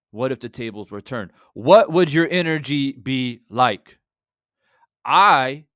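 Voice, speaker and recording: Man, fan reaction commentary, impassioned and rhetorical, smooth resonant voice, dry close sound. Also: medium pitch, dry recording. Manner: impassioned, rhetorical, swings between loud and quiet. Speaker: boxing channel host.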